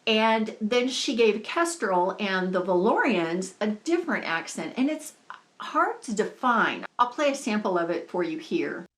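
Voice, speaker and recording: A woman's voice: mid-range voice, very animated, unhurried. A woman book vlogger talking in a chatty, enthusiastic, gushing way about what she is reading. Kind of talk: casual book-review vlog.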